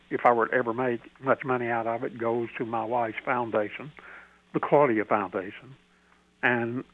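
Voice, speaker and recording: Older man telling a story over a phone line. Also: medium pitch. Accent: Southern American. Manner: folksy, halting with restarts. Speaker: podcast host, radio guest. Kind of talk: storytelling in a radio interview. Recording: dry tinny phone line.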